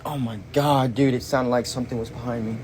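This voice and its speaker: A man's voice: mid-range voice, steady tone, fairly quick, background noise. A young man filming himself on his night shift, nervous and jumpy, talking in slang and breaking off mid-sentence. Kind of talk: frightened self-filmed clips. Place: indoors, store at night. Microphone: handheld phone camera.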